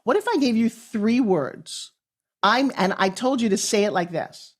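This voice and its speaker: A woman guesting on a podcast as a pitch coach, giving advice in an emphatic, salesy way with punchy phrasing. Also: animated, unhurried. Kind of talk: energetic podcast interview advice.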